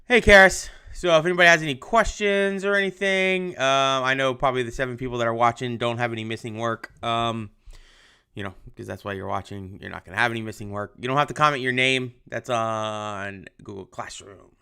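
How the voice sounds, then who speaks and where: Chatty teacher, bright clear voice. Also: male voice, medium pitch. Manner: chatty, many ums, reads and answers viewer comments. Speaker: high school history teacher. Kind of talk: casual livestreamed online lesson.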